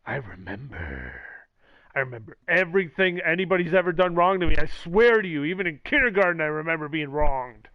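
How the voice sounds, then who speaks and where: A man's voice: a little high, very animated, brisk, no room sound. A man streaming, rambling casually with sarcastic jokes and acted-out quotes. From the Valley. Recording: dull lo-fi mic, dry.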